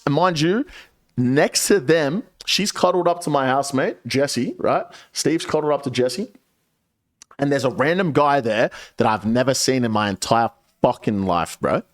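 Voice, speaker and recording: A man's voice: mid-range voice, a little slow. A young man telling a sweary story while streaming a game. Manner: sweary, animated, lively storyteller. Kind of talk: casual storytelling while gaming.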